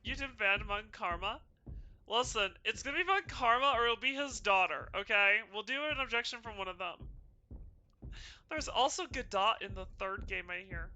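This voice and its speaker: A woman's voice: mid-range voice, expressive, moderate pace, pushed and bright, lo-fi sound. A woman streamer playing a detective game for the first time, chatting casually and reading the dialogue aloud in playful voices.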